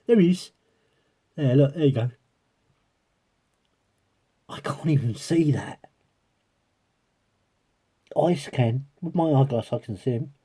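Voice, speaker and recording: Here a man vlogs about his coins in a warm, breathy mid-range voice, going slowly and pausing often. He rambles on to viewers in a relaxed way, eye to a magnifier, and giggles again and again.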